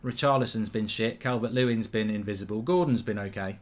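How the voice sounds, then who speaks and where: A man hosting a live football watchalong, reacting to the match and reading out viewer comments, excitable and blunt, swearing freely. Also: fairly low pitch, a little fast.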